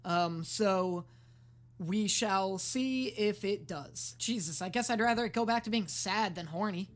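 A woman hosting a reaction video, giving casual, sarcastic commentary, swearing freely and often yelling at the screen. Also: medium pitch, measured pace.

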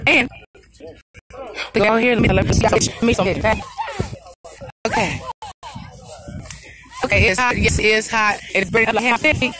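A woman with a voice on the high side live-streams from her phone camera while walking around an outdoor community event in a park. She gives casual, upbeat commentary at a normal pace, pausing often and laughing frequently. The low-quality audio picks up music and outdoor noise behind her.

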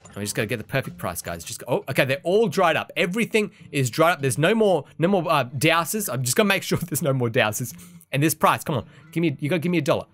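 A man giving let's play commentary as a gaming YouTuber, excitable and pleading with the game as he talks to his viewers. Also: on the high side, fast, soft background music.

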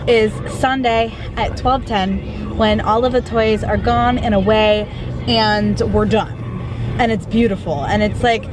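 A woman's voice: medium pitch, fairly even intonation, measured pace. A young woman in a casual, chatty vlog, talking upbeat and exclaiming, filmed on a handheld camera in a car. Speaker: vlogger. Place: in a car on the road. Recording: clear road and traffic noise.

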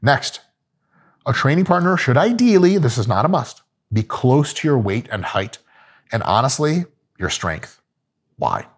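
A man's voice: medium pitch, sing-song, unhurried, pauses often, slightly rough. A man giving casual, profane, joking coaching talk about gym training. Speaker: fitness coach.

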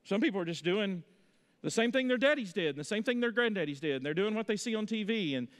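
A man in his thirties preaching a sermon in a church, telling folksy stories with lively energy. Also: high voice, fast, in a large hall. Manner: folksy storytelling, animated. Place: church sanctuary.

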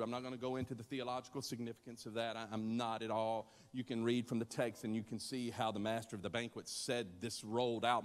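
A man preaching a sermon in a church, conversational and animated, joking with the congregation and acting out voices. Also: mid-range voice, long reverb tail. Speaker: pastor.

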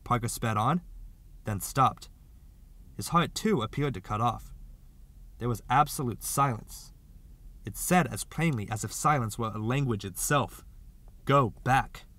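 A man narrating a literary short story as an audiobook reader, in a steady, expressive way. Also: medium pitch, unhurried, pauses often.

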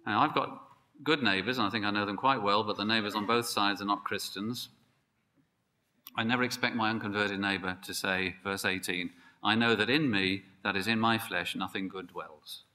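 A man preaching a sermon, emphatic and building to excited peaks. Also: lowish voice, normal speed. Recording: long hall reverb.

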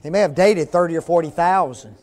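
A high-voiced older man preaches a sermon in a church. He talks in a folksy, conversational way and keeps putting questions to the congregation. When he reads scripture he slows down and leans on the words. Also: darkish tone. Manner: reads scripture slowly and emphatically. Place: church sanctuary.

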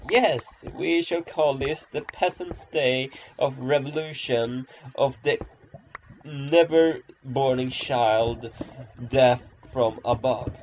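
Man doing a pompous mock-regal ruler, high-pitched and grand, lively swoops, dull lo-fi sound. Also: a little hiss or hum, full character voice. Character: pompous self-proclaimed male ruler addressing peasants. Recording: dull lo-fi recording.

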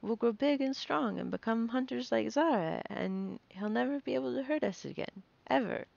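A woman reading the lines of a frightened, grieving young girl, pitching her voice up to plead. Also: animated, moderate pace, vocal fry, darkish tone, dry recording, highs cut off. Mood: determined.

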